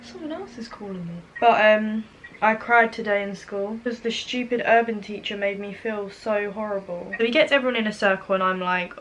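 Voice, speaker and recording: A woman's voice: medium pitch, fairly quick, a bit bright. A teenage girl, talking in a rambling, upset way while doing her makeup for a vlog. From London, England. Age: teens. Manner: rambling, upset, filler-heavy. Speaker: beauty vlogger. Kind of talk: casual confessional chat.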